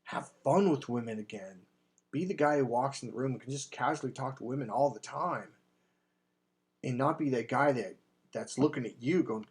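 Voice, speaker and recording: A man with a husky, slightly breathy voice at an ordinary middle pitch delivers a persuasive self-help pitch. He talks as a dating coach, emphatic and blunt, swearing casually as he pushes his point. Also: normal speed, a little mellow. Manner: acts out quoted voices in anecdotes. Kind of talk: persuasive sales monologue.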